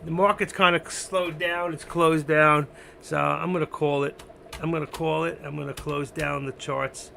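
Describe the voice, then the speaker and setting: Breaking off mid-ramble to coo at his cat in a high sing-song voice, this man hosts a live trading stream and chats casually about his trades. His gravelly voice sounds pushed and bright, and a little hiss or hum can be heard.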